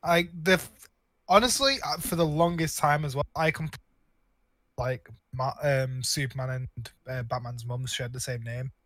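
Dude on a film podcast, blunt and sarcastic, bright tense voice, dead dry sound. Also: male voice, mid-range voice, moderate pace, dry recording. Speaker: podcast co-host. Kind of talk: casual film review chat.

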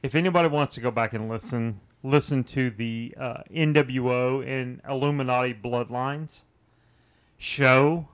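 Male podcast co-host, unhurried and laid-back, dry understated delivery. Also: mid-range voice, fairly even intonation, clear, resonant tone. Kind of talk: casual chat.

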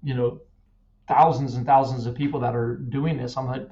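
A man's voice: medium pitch, fairly even intonation, moderate pace, mellow. A middle-aged man from Kansas, a cyclist guest, telling his story earnestly, often repeating words. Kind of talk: casual interview. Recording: echoey distant dull-sounding mic.

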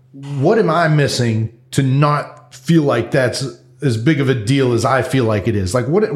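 A man co-hosting a casual political talk show, earnest and hesitant, stumbling over restarts and fillers. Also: medium pitch. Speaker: podcast co-host.

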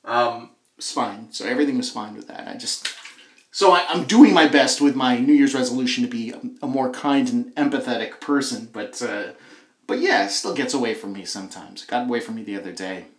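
A man's voice: medium pitch, a little fast, roomy sound. A man hosting a podcast, talking in a rambling, self-deprecating way with lots of fillers. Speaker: podcast host. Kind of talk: rambling casual monologue.

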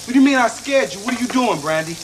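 An actor playing an angry young man who curses and yells at a woman to leave. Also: extremely high pitch, animated, fast, noisy background. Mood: annoyed. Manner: profane shouting. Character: angry young man throwing out his stalker.

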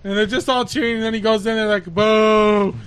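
A man with a high voice trades crude jokes and tells lively stories on a casual podcast. He curses freely and acts out the punchlines. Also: racing, smooth. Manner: crude, joking, animated storytelling. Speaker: podcast co-host. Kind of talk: casual chat.

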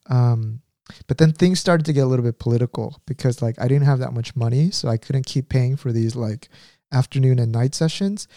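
Mellow man rambling through a story. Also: medium pitch, fairly quick, dry recording, studio quality. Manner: rambling, filler-heavy storytelling with impressions. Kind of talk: casual conversation.

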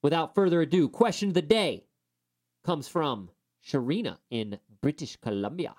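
An upbeat man from upstate New York hosts a casual podcast chat. His voice sits a little higher than most men's. He talks with enthusiasm and tosses in quick asides. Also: expressive, darkish tone. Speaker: podcast host.

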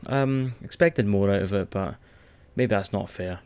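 A man's voice: lowish voice, unhurried, darkish tone, clean tone, no echo. Blunt man on a dull lo-fi mic. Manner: laid-back, blunt, sweary. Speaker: podcast co-host. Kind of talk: casual wrestling podcast chat.

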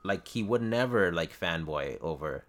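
A man in a casual fan discussion, relaxed and chatty, laughing easily. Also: low voice, normal speed.

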